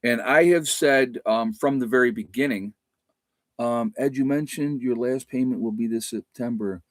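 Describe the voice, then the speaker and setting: A man's voice: medium pitch, normal speed, no room sound. Rambling man chatting on a livestream. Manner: rambling, with many fillers and restarts. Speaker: livestream host. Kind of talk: casual live-stream chat.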